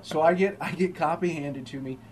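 A man's voice: on the high side, fairly quick, rough recording. A man, a podcast guest, telling stories and acting out quotes. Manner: animated storyteller, acts out quotes. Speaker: podcast guest, cigar shop manager. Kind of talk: casual podcast chat. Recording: faint background noise.

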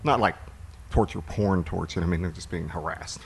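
Deep gravelly man chatting casually. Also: moderate pace, a little hiss or hum. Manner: rambling, relaxed movie recaps with fillers. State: hiccuping. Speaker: podcast co-host. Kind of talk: casual chat.

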